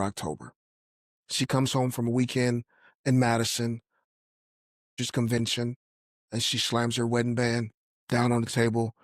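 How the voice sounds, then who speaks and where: This podcast guest's testimony of faith comes through in a medium-pitched voice, told as an earnest story in which he voices the people he quotes. It's a dry, studio-quality recording.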